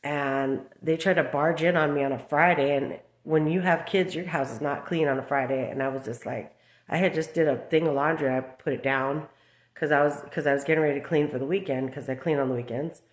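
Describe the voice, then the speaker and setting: A woman's voice: deep voice, steady tone, fairly quick. A woman in her thirties ranting in a casual vlog about her children, agitated and rambling with lots of fillers. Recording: roomy echo.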